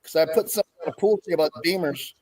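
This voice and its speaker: A talk show guest, a man with a Southern American accent and a fairly high voice. He talks in a folksy, exclamatory way and drifts into preaching. His tone is loose and lively. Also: rapid-fire. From Southern California. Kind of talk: casual talk show banter.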